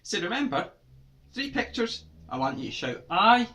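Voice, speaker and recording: Lively Scottish man quizzing kids. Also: high-pitched, normal speed. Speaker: writer teaching Scots words to children. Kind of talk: playful children's lesson to camera.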